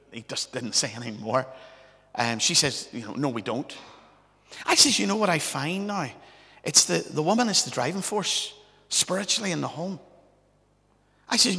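A pastor preaching in a gravelly, fairly high voice with a bright, forceful edge. He tells stories conversationally and keeps checking in with "right?". His voice rings with a long reverb through a church hall. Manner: chatty, anecdotal, tags lines with "right?". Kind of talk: storytelling sermon.

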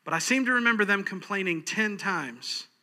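A man's voice: high voice, animated, moderate pace, bright, forceful tone, in a large hall. A man preaching a sermon in a folksy, practical way, chuckling often. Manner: folksy, practical, laughs easily. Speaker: pastor.

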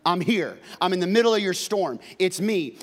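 A man voicing a reassuring divine figure, speaking emphatically and a bit louder than his own talk. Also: sits high, lively intonation, normal speed. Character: calm, reassuring adult male divine figure.

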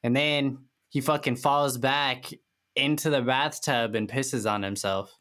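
A man's voice: mid-range voice, steady tone, unhurried, a bit bright. A man in casual chat, laid-back and profane, saying "bro" often.

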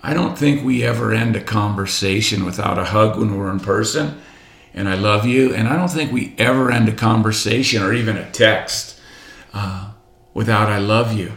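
A man's voice: lowish voice, normal speed, vocal fry, a bit bright. Emphatic man in his sixties, roomy echo. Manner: emphatic and repetitive, rhetorical questions and asides. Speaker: motivational speaker coaching doctors. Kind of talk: motivational seminar talk.

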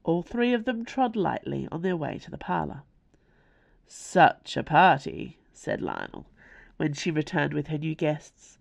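A woman reading her own novella aloud as narrator, in an expressive storytelling manner. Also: sits low, moderate pace, creaky. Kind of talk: scripted narration.

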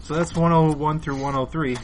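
A man's voice: on the high side, steady tone, brisk, slight background noise. A man co-hosting a casual comic-book podcast, cutting in with dry wisecracks. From Irish heritage in the US. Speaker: podcast co-host.

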